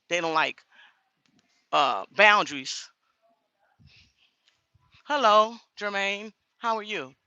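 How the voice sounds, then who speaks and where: A middle-aged woman truck driver vlogging from inside a grocery store on a handheld phone, talking in an outspoken, animated way. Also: medium pitch, no echo. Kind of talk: casual vlog chat.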